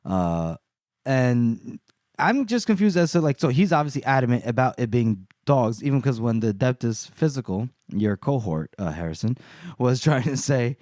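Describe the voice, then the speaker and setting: A man's voice: medium pitch, big pitch swings, moderate pace, darkish tone, dry recording, studio quality. A man co-hosting a casual book chat podcast, talking loosely, swearing and laughing often. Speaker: podcast co-host.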